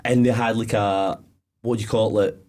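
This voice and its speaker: A man's voice: fairly low pitch, fairly quick. A man co-hosting a podcast, telling stories in rambling casual chat with frequent laughter. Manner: rambling, laughing, animated storytelling. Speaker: podcast co-host.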